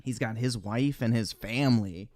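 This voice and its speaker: A man's voice: mid-range voice, normal speed, darkish tone. A man giving casual, profane commentary on a live stream as he reacts to clips, laughing often. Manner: laughs often, swears freely.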